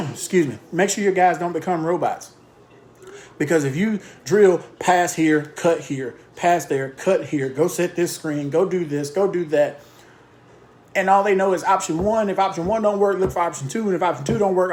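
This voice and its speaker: A man's voice: on the high side, a little hiss or hum. A man talking as a basketball coach, emphatic and fond of repeating short punchy lists of instructions. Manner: emphatic, repetitive drill-style lists; speaks in short punchy phrases. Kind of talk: casual coaching talk.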